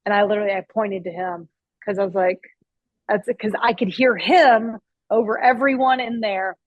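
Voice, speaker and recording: A woman's voice: mid-range voice, steady tone, moderate pace, no echo, highs cut off. Chatty woman chef with a dry close sound. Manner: chatty, with frequent restarts and fillers; swears casually. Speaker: barbecue restaurant owner and chef. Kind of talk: casual interview storytelling. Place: her restaurant.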